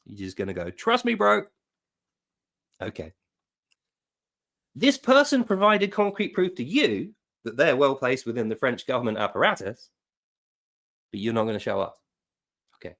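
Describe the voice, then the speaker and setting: A man's voice: mid-range voice, fairly bright tone. A man giving sarcastic reaction commentary, mocking what he reads aloud. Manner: mocking, reads quotes aloud in put-on voices. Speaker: online commentator.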